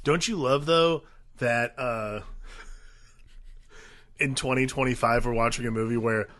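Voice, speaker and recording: A man's voice: mid-range voice, fairly even intonation, a little slow, a bit bright. A man co-hosting a movie podcast, chatting casually with frequent laughter and swearing. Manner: laughing, profane, enthusiastic. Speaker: podcast co-host. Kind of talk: casual movie-review chat.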